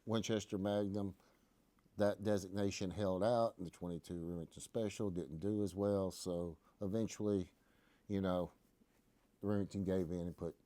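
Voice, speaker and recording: A low, warm-toned man hosts a relaxed live stream from inside a gun shop, and the recording is dry. His stories come out folksy and full of jokes, with explanations that ramble.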